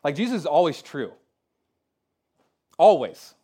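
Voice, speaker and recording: A man preaching a sermon as pastor, talking casually with lots of "like" and "kinda," moving between loud emphatic peaks and quiet, low passages. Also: moderate pace. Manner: conversational preaching with fillers like "kinda" and "like".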